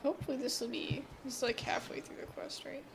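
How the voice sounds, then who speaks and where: A woman's voice: sits high, flat delivery, fast, creaky, noisy background. A woman streamer chatting casually and rambling while playing a game. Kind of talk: casual gameplay commentary.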